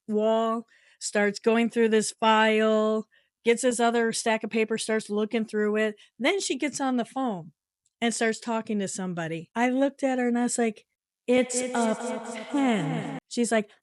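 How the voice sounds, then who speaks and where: A woman's voice: fairly high pitch, dry recording, clean studio sound. A middle-aged woman vlogger telling a story in a casual way, acting out quoted lines in an exasperated tone. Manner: animated retelling with exasperated quoted dialogue.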